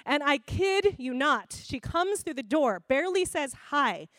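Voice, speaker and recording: A woman preaching a sermon in a conversational, expressive way, laughing often. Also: sits high, a little slow, dry recording.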